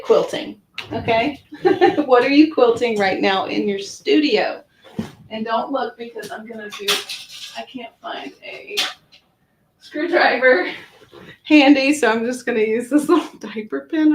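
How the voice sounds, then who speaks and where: A chatty woman walks through a sewing machine demo, narrating each step as she goes and filling pauses with "um" and "like." Her voice sits a little high and carries a gravelly fry, and the room adds a roomy echo. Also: slight background noise. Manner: chatty, with frequent fillers, narrating her own actions. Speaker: product demonstrator. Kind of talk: hands-on sewing machine demonstration.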